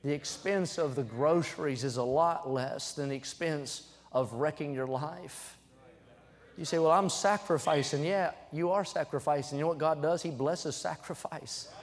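Fervent young preacher in a reverberant church. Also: male voice, on the high side, normal speed. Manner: emphatic, climbing to loud fervent peaks; reads scripture aloud between points. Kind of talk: sermon. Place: church sanctuary.

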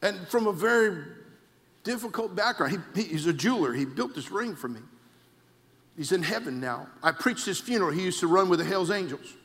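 A male pastor, preaching a sermon with shouted emphasis and telling comic anecdotes. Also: high-pitched, animated, brisk. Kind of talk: sermon with storytelling. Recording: long hall reverb.

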